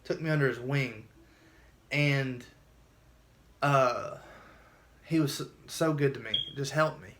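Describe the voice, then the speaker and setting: A man of middle pitch tells a personal story to camera in a casual, unscripted way. He sounds earnest and emotional, rambling and circling back to restart his sentences. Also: takes it slowly, long pauses, a bit bright. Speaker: vlogger telling his own story.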